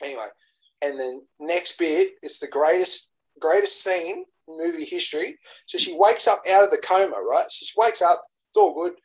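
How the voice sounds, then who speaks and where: Man, podcast co-host, excitable storyteller, a touch high-pitched. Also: moderate pace, low-quality recording. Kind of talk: casual chat.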